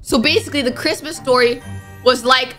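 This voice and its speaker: A young woman playing a horror game on her channel, talking casually with slang, jumpy and dramatic, pleading when frightened and shouting at sudden scares. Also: sits high, fairly even intonation, fairly quick, soft background music. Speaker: gaming YouTuber.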